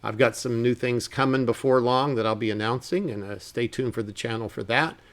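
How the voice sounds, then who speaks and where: With a medium-pitched voice, a man reads Bible Hebrew verses slowly in a casual lesson and then explains them through relaxed asides.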